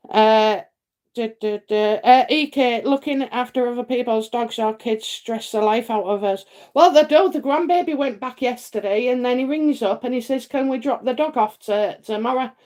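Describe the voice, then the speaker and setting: Running a psychic livestream, a middle-aged woman from England chats casually and gives readings, wandering off with lots of fillers and repeats. Her pitch is fairly high, her tone darkish, and her speed normal.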